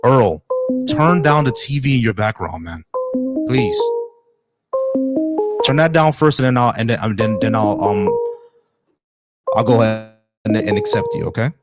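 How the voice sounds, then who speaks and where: A man hosting a live call-in debate stream, blunt and halting, often repeating words as he restarts. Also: on the low side, over loud music.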